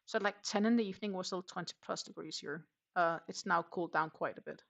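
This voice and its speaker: Gravelly-voiced woman chatting while crocheting. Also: fairly low pitch, quick pace, a bit bright. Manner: chatty, rambling, reads viewer comments aloud. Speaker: crochet livestream host. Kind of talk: casual chat while crocheting.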